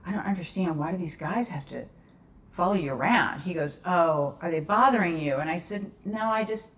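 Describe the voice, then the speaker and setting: A woman's voice: fairly low pitch, normal speed. A woman, a podcast guest telling a story in casual conversation, acting out the voices in the dialogue.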